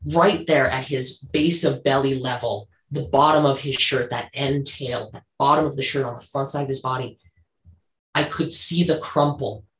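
A man's voice: medium pitch, fairly even intonation, normal speed, a bit bright. A man, a guest on an interview show, telling a personal ghost story earnestly and vividly, repeating phrases for emphasis.

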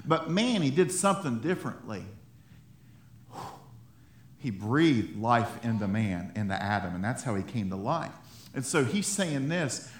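Very animated yet unhurried, this medium-pitched pastor delivers a sermon that feels like a conversation with his congregation. He chuckles and repeats himself, and the sanctuary around him is echoey.

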